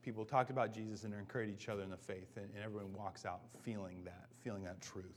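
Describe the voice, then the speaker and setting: A man's voice: fairly low pitch, fairly even intonation, quick pace, a little hiss or hum. Man preaching a casual, chatty sermon. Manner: casual, self-deprecating, often asks "right?". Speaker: pastor. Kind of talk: conversational sermon.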